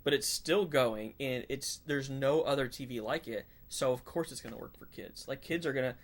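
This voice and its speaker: A man with an ordinary mid-range voice chats casually on a podcast. He rambles through his points in a relaxed, conversational way. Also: medium pitch, moderate pace. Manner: rambling, easygoing storytelling. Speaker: podcast co-host. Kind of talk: casual chat.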